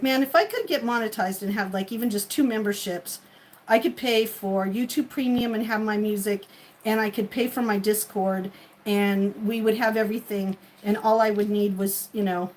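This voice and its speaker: A woman's voice: medium pitch, rough recording. A woman hosting a livestream in casual chat, rambling and chatty with many fillers. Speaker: livestream host.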